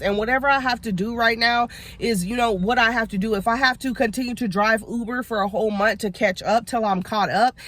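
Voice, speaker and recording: A woman's voice: on the high side, a little fast, a bit bright. A woman talking from inside her car in a casual motivational vlog, earnest and rambling, often saying "you know what I'm saying.". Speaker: motivational vlogger.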